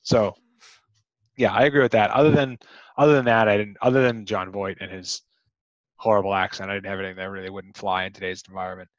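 Low-voiced man chatting about movies. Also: steady tone, fast, no echo, dull audio. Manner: rambling, chatty with many fillers. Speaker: podcast co-host. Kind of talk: casual movie discussion.

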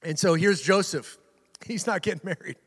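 High-voiced man preaching in a reverberant hall. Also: moderate pace, a bit bright, husky. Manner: conversational preaching with frequent restarts and asides to the congregation. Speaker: pastor. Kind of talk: sermon. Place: church sanctuary.

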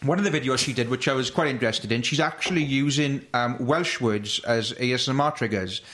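A man's voice: mid-range voice, brisk, pushed and bright. A man hosting a casual comedy chat, explaining at length with restarts and frequent laughter.

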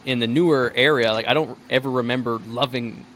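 A man co-hosting a casual podcast, chiming in with quick chatty remarks. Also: medium pitch, steady tone, fairly bright tone, a little hiss or hum. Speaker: podcast co-host. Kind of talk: casual chat.

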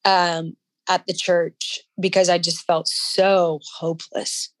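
A woman guest in an interview, telling a personal story in a halting, emotional way with frequent restarts. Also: on the low side, flat delivery, dry recording.

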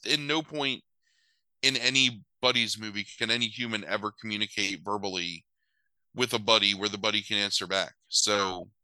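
A man's voice: on the low side, steady tone, moderate pace, pushed and bright, dry recording, poor audio. A man recapping a movie in a loose, sarcastic chat, swearing casually and using many filler words.

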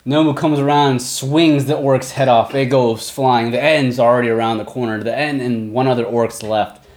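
A man's voice: medium pitch, fairly even intonation, darkish tone. Casual male game master narrating. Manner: casual, rule-checking narration with quick asides.

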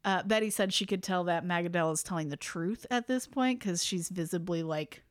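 A podcast host chats casually while retelling a ghost story, laughing often along the way. She has a lowish voice at a normal speed, and the recording is dry with a clean studio sound.

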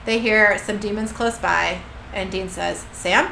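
A woman's voice: mid-range voice, steady tone, measured pace, gravelly, sharp tone, slight background noise. A woman co-hosting a podcast who recaps a TV episode in a chatty, giggly way. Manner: chatty and giggly, with many fillers. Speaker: podcast co-host. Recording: echoey room with faint ambience.

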